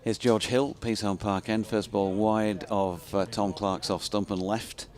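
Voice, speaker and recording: A man's voice: fairly low pitch, steady tone, darkish tone. A man commentating live on cricket, calling each ball and trading dry quips with his co-commentator. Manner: dry, quick wit in banter.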